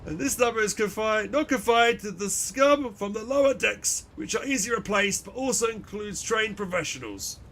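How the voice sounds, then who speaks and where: A man voicing a weary male ship administrator in a game, speaking slowly and formally. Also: high-pitched, animated, a bit bright, a little hiss or hum, voice pushed up.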